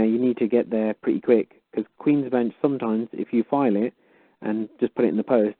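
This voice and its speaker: Animated man on a phone line. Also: mid-range voice, no echo. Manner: animated, acts out quoted exchanges in a raised voice. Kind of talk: casual call-in chat.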